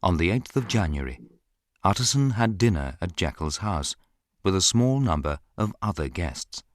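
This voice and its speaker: A man reading a classic novel aloud as scripted audiobook narration, in a slow and even storybook manner. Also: low voice, no echo, studio quality.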